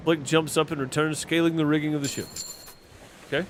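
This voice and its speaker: A man's voice: on the high side, steady tone, brisk, pauses often, slight background noise. A man hosting a let's play, reading game text aloud and commenting, self-deprecating and stumbling over words. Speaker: gaming channel host.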